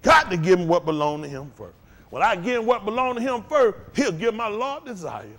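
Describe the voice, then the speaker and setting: A man preaching a fiery call-and-response sermon in a high, soaring voice. His pitch leaps and plunges constantly, and he goes from shouting to hushed, intense murmurs. He speaks in a folksy, repetitive cadence that builds up and falls away. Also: very animated, fairly quick. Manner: swings from shouted peaks to low intense murmurs. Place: house of worship.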